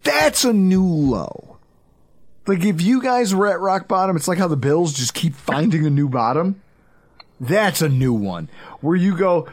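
A sardonic man hosts a casual sports podcast, mixing swearing with mock-gloomy asides. His fairly high voice swings widely in pitch. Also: lively intonation, measured pace. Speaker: podcast host.

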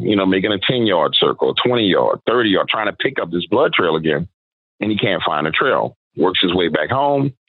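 Man, very deep, dry phone-line sound, relaxed storyteller. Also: no echo. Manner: conversational, quotes people in his story. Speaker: podcast guest, paranormal storyteller. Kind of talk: casual storytelling.

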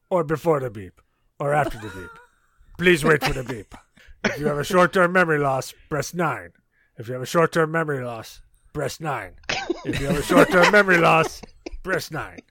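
A man voicing a prank mental-health hotline menu, reading the options in a flat, recorded-message way. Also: on the high side. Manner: deadpan menu reading with running jokes.

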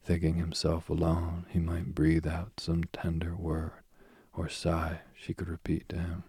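A man reading a myth aloud as a soothing bedtime story, slowly and softly, drifting into whispers. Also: low-pitched, completely flat delivery, breathy edge. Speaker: sleep story reader.

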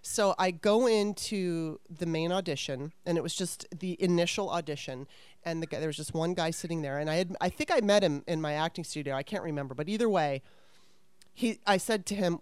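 A woman's voice: lowish voice, brisk, smooth, no echo. A middle-aged woman, a former actress, candidly telling stories from her career in a frank, self-deprecating way, swearing freely. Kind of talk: candid conversational storytelling.

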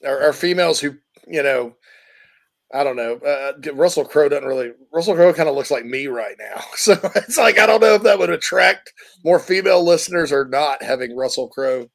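Gravelly, joking male co-host. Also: fairly high pitch, expressive, moderate pace. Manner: joking, laughing easily. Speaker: sports talk co-host. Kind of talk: casual banter.

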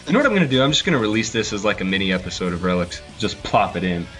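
A man's voice: on the low side, sing-song, rapid-fire, soft background music. A man hosting a podcast, chatting casually and breaking into silly voices. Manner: playful, jumps into loud silly voices. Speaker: podcast host. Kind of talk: casual chat trying out celebrity impressions.

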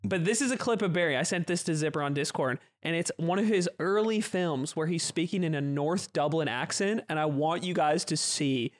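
A man hosting a casual podcast, telling animated stories and laughing often. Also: on the high side, brisk, hardly any pauses. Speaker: podcast host. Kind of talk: casual chat.

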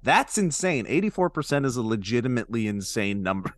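A man's voice: mid-range voice, very animated, brisk, no echo. A man co-hosting a podcast, jokey and rambling, chatting and then reading an ad with asides. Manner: jokey, rambling, laughs mid-sentence. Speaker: podcast co-host. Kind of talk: casual chat and read ad.

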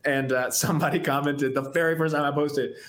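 A man's voice: fairly high pitch, steady tone, brisk, fairly bright tone. A musician being interviewed on a podcast, a man talking in a laid-back, rambling way and laughing easily. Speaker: musician guest. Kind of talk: casual podcast chat. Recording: roomy echoey sound.

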